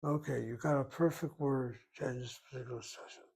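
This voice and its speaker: A man's voice: medium pitch, steady tone, brisk, creaky, a little mellow, slightly rough. A man teaching a recorded grammar lesson, reasoning aloud step by step in a methodical way. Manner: methodical, talks himself through each step. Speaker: Hebrew teacher.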